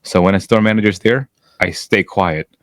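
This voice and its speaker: A man's voice: lowish voice, normal speed, no echo. A man from Chicago co-hosting a podcast, telling stories in casual banter and acting out what people said. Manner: animated storyteller, acts out quotes, laughs a lot. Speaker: podcast co-host.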